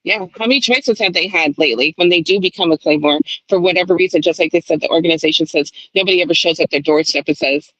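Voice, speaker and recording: A woman hosting a casual book club podcast, talking in an animated way and swearing freely, heard over a dull, lo-fi call. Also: on the low side, fast talker, hardly any pauses, no room sound. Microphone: video call.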